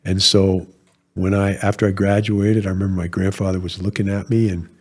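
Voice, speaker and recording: A man's voice: low-pitched, level tone, brisk. An older man from New England, a retired Marine colonel, telling rambling stories in a casual interview, with frequent restarts.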